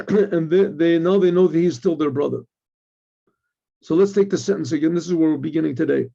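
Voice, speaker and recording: A man giving an informal Torah lesson, retelling the story with lively quoted lines and clearing his throat often. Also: a little high, a little fast. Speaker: rabbi teaching Torah. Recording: dull lo-fi recording.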